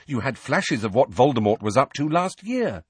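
A man reading aloud and voicing a brisk, impatient teenage schoolgirl who lectures her friends in an audiobook. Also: mid-range voice, sing-song, husky, dry recording, studio quality, pitched above the performer's own voice. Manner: brisk, impatient, know-it-all.

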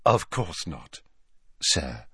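A man's voice: extremely low pitch, sing-song, extremely slow, a bit bright, slightly rough, no echo, clean studio sound, far from the mic, voice pushed down, exaggerated voice. A man reading an audiobook, voicing a stooping, nervous older shopkeeper who sounds hesitant and fawning. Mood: wary. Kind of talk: audiobook character voice.

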